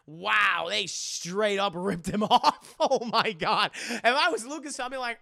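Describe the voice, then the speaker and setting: A man hosting a livestream in a casual, excitable way, swearing freely and laughing often. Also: sits high, slow pace, vocal fry, no echo, clean studio sound. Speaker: livestream host.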